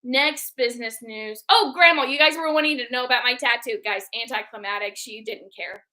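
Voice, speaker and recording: Bright high-voiced young woman storyteller. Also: a little fast. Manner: animated storyteller who acts out quotes. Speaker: book club co-host. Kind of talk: casual livestream chat.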